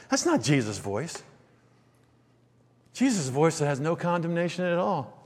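A man preaching a conversational sermon, asking rhetorical questions and dropping quiet before lifting his voice again. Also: on the high side, very animated, measured pace, pauses often. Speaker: pastor. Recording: long hall reverb.

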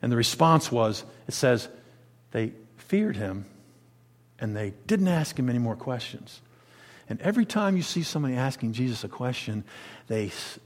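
A man preaching a sermon, swinging between quiet, low asides and loud, emphatic declarations. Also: in a large hall.

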